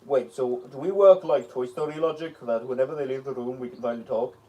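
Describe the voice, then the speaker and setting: A man's voice: mid-range voice, fast, dark tone. A man improvising a snappish, stammering toy engine, recorded dull and from a distant mic. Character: snappy, flustered engine Scarlet.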